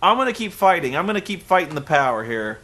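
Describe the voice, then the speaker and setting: A man putting on a high, whiny voice to mock a wrestler close to tears. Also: sing-song, fast, a bit bright. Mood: weepy. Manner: whiny, pleading parody. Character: weepy young male wrestler, near tears.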